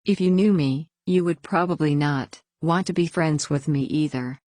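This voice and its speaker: Female story reader, very low voice, dry close sound, plain even first-person narration. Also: moderate pace, dry recording.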